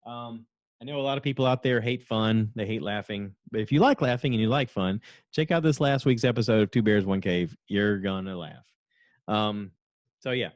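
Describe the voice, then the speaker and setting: A man's voice: lowish voice, normal speed, no echo. A middle-aged man hosting a solo podcast, rambling chattily and laughing as he retells stories. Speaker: podcast host. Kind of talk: casual solo podcast recap.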